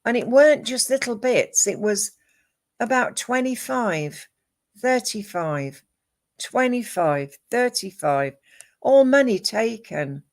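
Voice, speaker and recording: A woman giving a live psychic reading, calm and measured, listing names and images one at a time. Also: fairly high pitch. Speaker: psychic medium.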